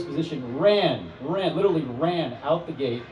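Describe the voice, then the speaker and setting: Man telling a funny true story onstage, wry and chatty, a bit high voiced, echoey room, mic kinda far. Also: brisk, hardly any pauses, highs cut off, faint music behind. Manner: conversational, wry and animated. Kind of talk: live storytelling performance. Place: stage before an audience.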